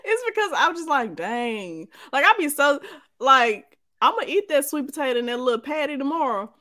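Expressive young Southern woman. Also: high voice, a little fast. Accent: Southern American. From Mississippi. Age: 20s. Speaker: podcast co-host. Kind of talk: casual chat.

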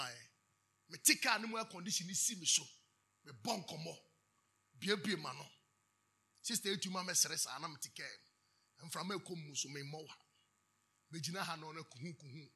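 A man with a Ghanaian English accent preaching a sermon, moving between chanted shouted declarations and quiet storytelling. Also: on the high side, brisk, long pauses, breathy edge.

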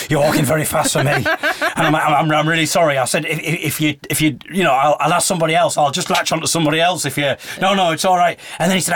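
With a somewhat high, slightly rough voice, this man hosts a podcast and tells an extended story in relaxed conversation, performing the quoted voices of its characters. The sound is clean studio audio with no room sound.

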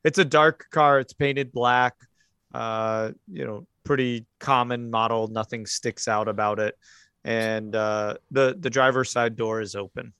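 A man running a tabletop horror game as game master, in relaxed, halting narration with many fillers. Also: mid-range voice, smooth, no room sound, clean studio sound.

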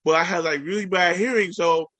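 A man's voice: sits high, fairly even intonation, fairly quick, fairly bright tone, no room sound. A man, an educator, telling a story in casual podcast chat with a slightly nasal, congested sound, rambling and full of fillers.

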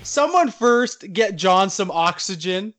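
High-voiced chatty male podcast host. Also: slow, over music. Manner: chatty, joking, animated. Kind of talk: casual chat.

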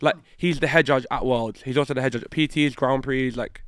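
A man co-hosting a podcast in casual chat, excitable and fond of swearing. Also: medium pitch, clean tone. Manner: animated, swearing, fast and excitable. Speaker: podcast co-host.

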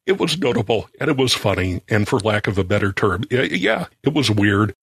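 Soft-spoken husky man, halting delivery. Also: lowish voice, big pitch swings, no room sound. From California. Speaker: show producer and co-host. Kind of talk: casual podcast chat.

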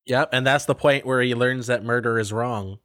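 A man's voice: medium pitch, fairly even intonation, normal speed, a bit bright, no echo. Man chiming in, dry close sound. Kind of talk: casual chat.

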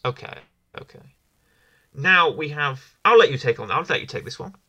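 A man's voice: on the high side, expressive, moderate pace, sharp tone, slightly rough, lo-fi sound. A man hosting a casual wrestling review podcast, rambling and enthusiastic, often repeating himself. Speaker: podcast host.

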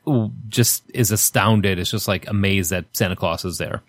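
A man's voice: sits low, normal speed, dry recording. A man in casual chat, recapping a film's plot with plenty of ums and laughs. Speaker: podcast co-host. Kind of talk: casual movie discussion.

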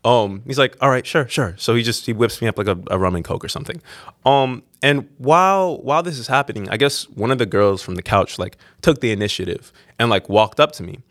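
A man's voice: medium pitch, lively intonation, a little fast, fairly bright tone, dry recording, clean studio sound. A young man casually telling a personal anecdote, rambling with many repeats and fillers and laughing at himself. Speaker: storyteller.

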